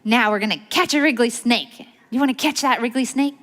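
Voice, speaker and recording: Her voice is fairly bright, on the high side and fairly quick as this young woman reads a picture book to kids at library storytime. Sing-song and coaxing, she leads call-and-response and urges them to join with sounds and movements, all in an echoey library hall.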